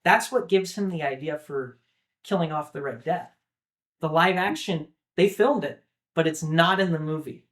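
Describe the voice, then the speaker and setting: A man's voice: a little high, normal speed, fairly bright tone. A young man co-hosting a casual film discussion, talking enthusiastically and rambling with lots of filler words. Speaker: podcast co-host.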